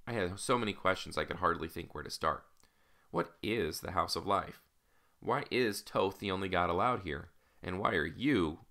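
A man's voice: deep voice, moderate pace, pushed and bright. A man narrating an audiobook in the first person, in a casual, wry storytelling manner.

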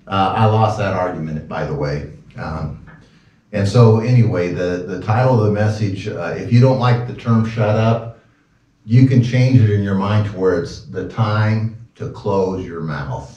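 A man preaching as pastor in a folksy, joking way, with halting restarts. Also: on the low side, darkish tone. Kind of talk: sermon. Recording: roomy, distant, dull lo-fi church recording.

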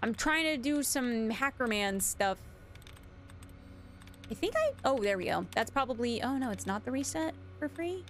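A woman's voice: fairly high pitch, expressive, moderate pace, slight background noise. A young woman streaming a video game, chatting with viewers in a giggly, casual way and reading notes aloud. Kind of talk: casual live-stream commentary.

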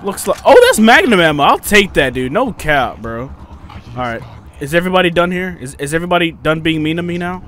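A young man doing casual let's play commentary, joking to himself and yelping and shouting when enemies attack. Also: on the high side, brisk, a little hiss or hum. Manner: jokey, excitable, yelps and shouts when attacked. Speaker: gaming YouTuber.

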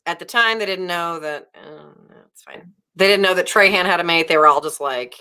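A woman's voice: mid-range voice, lively intonation, moderate pace, bright, forceful tone. A young woman from Nashville with a Southern American accent, hosting a casual book club chat and retelling a story in a rambling way with lots of fillers. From Nashville, Tennessee, USA.

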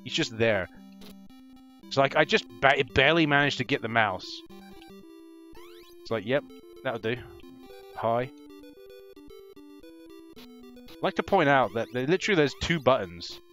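A man giving excitable first-impressions commentary while playing an old console game, swearing and yelping at enemies. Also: mid-range voice, measured pace, pauses often, lo-fi sound, soft background music. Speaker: gaming channel host. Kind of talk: let's play commentary.

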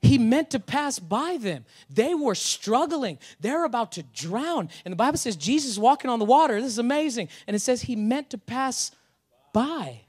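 A man with a notably high voice delivers a sermon as a pastor. He preaches casually and energetically, mixing humor and slang into his message. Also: animated, moderate pace, darkish tone, husky.

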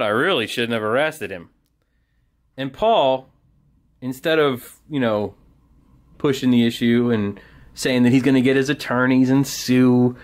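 Animated man telling a children's Bible story. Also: medium pitch. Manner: animated storyteller, acts out soldiers and crowd. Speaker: children's ministry teacher.

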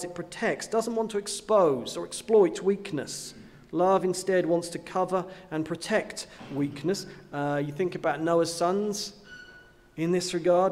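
An earnest male preacher delivering a sermon, his voice sitting a little higher than most men's. He stresses his points with repeated phrases and direct questions to his listeners. The long reverb of a large hall trails behind every word. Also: a little mellow. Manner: earnest, with rhetorical questions and repetition.

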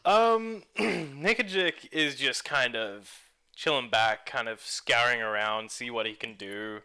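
A man's voice: medium pitch, pushed and bright, smooth. A man playing in a tabletop game, describing his character hesitantly. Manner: hesitant, slow. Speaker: player. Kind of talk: casual chat.

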